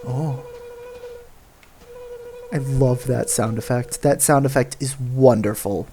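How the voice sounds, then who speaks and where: A woman hosting a let's play, giving relaxed, amused commentary on the game. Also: a bass voice, takes it slowly, a little hiss or hum. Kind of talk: casual gameplay commentary.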